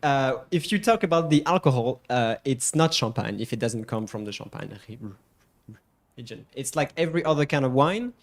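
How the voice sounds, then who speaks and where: A French man with a French accent, co-hosting a casual stream and playfully teaching pronunciation with drawn-out, emphatic words. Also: medium pitch, expressive. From France. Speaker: co-host.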